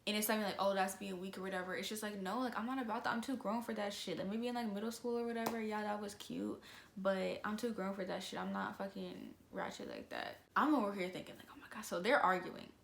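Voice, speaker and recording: A young woman telling a story to camera in a casual, slangy, animated way. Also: medium pitch, quick pace, gravelly, reverberant, a little hiss or hum. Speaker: vlogger.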